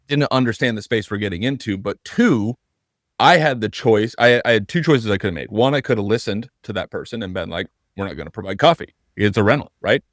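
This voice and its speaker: A man's voice: on the low side, animated, a little fast, fairly bright tone, no room sound, studio quality. A man co-hosting a podcast in casual conversation, earnest and thinking aloud with frequent restarts. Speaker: podcast co-host.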